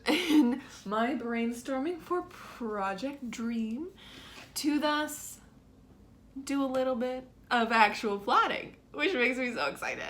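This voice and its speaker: A woman's voice: a little high, a bit bright. A young woman vlogging about planning her novel at home, chatty and bubbly, with fillers and little laughs. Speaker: writing vlogger. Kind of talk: casual chat to camera. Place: home room with a guitar.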